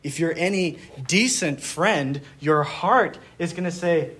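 A man's voice: a little high, slow pace, fairly bright tone, slightly rough. A man leading a Bible study group, teaching in a casual, conversational way, asking the group questions and retelling scenes.

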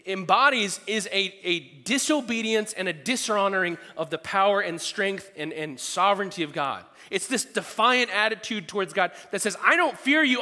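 Bright-voiced pastor preaching in a reverberant hall. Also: male voice, high-pitched. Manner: animated, playful asides and acted-out voices. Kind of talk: sermon. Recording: long reverb of a large hall.

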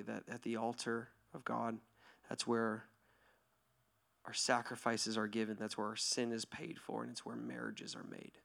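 A pastor in his thirties giving a sermon to his church, lively and joking at first, then soft and hushed as he leads a quiet prayer. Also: on the low side, gravelly. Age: 30s. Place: church hall.

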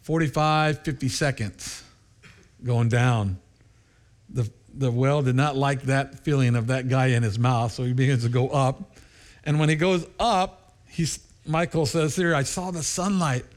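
Unhurried, a middle-aged man preaches as pastor, relating stories with lively energy. He often laughs and leaps into high voices when quoting.

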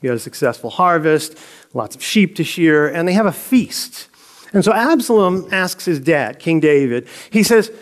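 A man's voice: a little high, animated, moderate pace. A middle-aged man teaching a Bible story in a casual, conversational way, joking and laughing as he retells it. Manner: conversational, jokey, laughs often.

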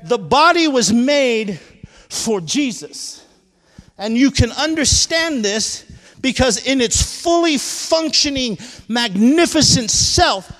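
High-pitched preacher man in a reverberant hall. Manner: impassioned preaching, swings from shouting to hushed. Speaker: pastor. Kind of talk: sermon.

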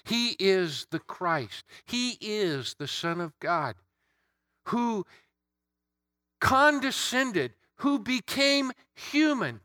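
A man's voice: sits high, bright, forceful tone, no echo, studio quality. A man preaching an Easter sermon, emphatic, building through repeated phrases.

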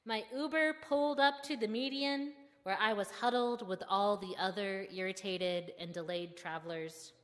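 A young woman seminary student telling a personal story in a candid, self-deprecating and expressive way. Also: mid-range voice, normal speed, few pauses, long reverb tail.

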